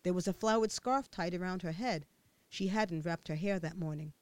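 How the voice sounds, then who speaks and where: A woman narrating a first-person memoir as an expressive audiobook reader with a childlike viewpoint. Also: fairly low pitch, normal speed, dry recording.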